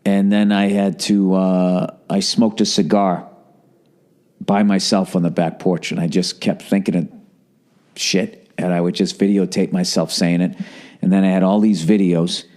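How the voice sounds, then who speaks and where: A man's voice: deep voice, dark tone. A man hosting a podcast, telling a rambling, profane story in a casual, wry monologue. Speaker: podcast host.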